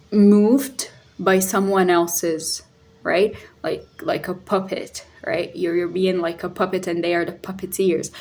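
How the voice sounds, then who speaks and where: Woman, phone-camera vlog, slow and deliberate delivery, casual talking-head style. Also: fairly low pitch. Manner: unhurried and thoughtful, with sassy quoted voices. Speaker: vlogger on narcissism and recovery.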